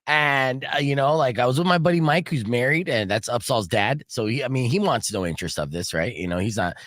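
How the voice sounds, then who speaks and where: Lebhafter Radiomoderator im Plauderton. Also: male voice, fairly quick, no room sound, clean studio sound. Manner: rambling, filler-heavy storytelling with lively swings in pitch. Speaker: radio show host. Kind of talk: casual radio chat. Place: radio studio.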